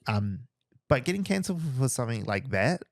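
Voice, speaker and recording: A man's voice: medium pitch, sing-song, brisk, gravelly, no echo, studio quality. A man hosting a podcast, talking bluntly and swearing freely as he rants. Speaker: podcast host. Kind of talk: casual podcast chat.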